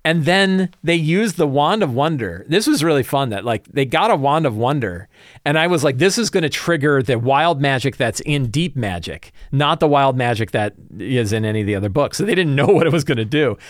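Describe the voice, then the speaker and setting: Man, mid-pitched, game master recapping a campaign in a loose, rambling way. Dry, close sound. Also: expressive, fairly quick, dry recording. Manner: rambling storyteller, many fillers and restarts. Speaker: game master and show host.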